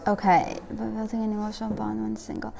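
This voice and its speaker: A woman's voice: medium pitch, monotone, brisk, creaky, dark tone. A young adult woman teaching a women's class in a casual, chatty way, full of "like" and "you know", often acting out little conversations. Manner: chatty, filler-heavy, acts out little dialogues.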